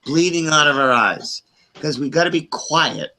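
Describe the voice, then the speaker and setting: A middle-aged man on an open group call, casually telling a long, profane, animated story with quoted voices. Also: a little high, unhurried, crowd noise, rough recording. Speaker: hangout participant.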